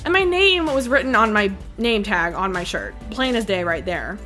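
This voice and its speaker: Bright-voiced young woman telling a story. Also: mid-range voice, normal speed, few pauses, faint music behind. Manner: animated, with frequent laughs and filler "like". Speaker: vlogger. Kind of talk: casual storytime monologue.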